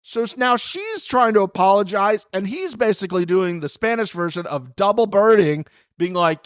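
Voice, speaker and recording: Lively man on a dry mic. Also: high-pitched, moderate pace, clean tone, no room sound. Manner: animated, acts out quotes with shouting and cursing. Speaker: podcast co-host. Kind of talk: casual chat.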